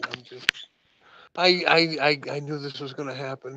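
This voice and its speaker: A man's voice: fairly high pitch, fairly even intonation, normal speed, heavy background noise. A man co-hosting a casual movie podcast, ranting in exasperation with lots of stammered restarts. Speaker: podcast co-host. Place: room at home, late evening.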